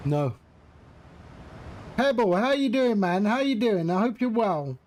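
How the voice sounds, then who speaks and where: A man's voice: sits high, sing-song, measured pace, a little mellow, slight background noise. A man casually chatting with his live-stream viewers while flying a simulator, greeting them by name and joking around. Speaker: flight sim streamer.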